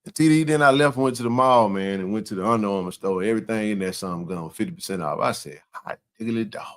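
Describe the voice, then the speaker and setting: A man co-hosting a casual sports chat, laughing often and telling animated stories. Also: lowish voice, quick pace. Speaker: co-host.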